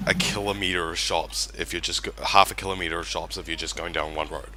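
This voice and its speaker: A man's voice: low voice, fairly even intonation, fast talker, heavy background noise. A man, narrating a tabletop game as game master in a rambling way and laughing often.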